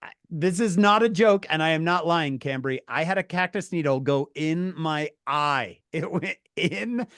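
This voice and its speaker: A man telling a story to his viewers, animated and laughing through his words, calling on chat by name. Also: on the high side, a little slow, smooth, no echo, studio quality. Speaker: streamer talking to viewers. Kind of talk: casual storytelling.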